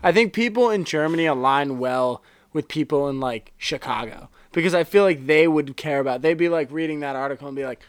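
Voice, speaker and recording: Man, podcast co-host, higher voice, joking, laughs a lot, dry recording. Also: a little fast, hardly any pauses, smooth, no room sound. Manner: joking, laughs often, riffs with made-up voices. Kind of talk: casual podcast chat.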